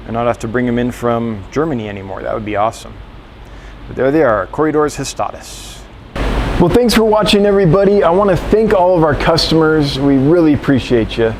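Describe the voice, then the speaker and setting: A man's voice: mid-range voice, darkish tone, slight background noise. A man who runs a fish store, talking casually through a store tour, rambling a little with fillers and self-corrections.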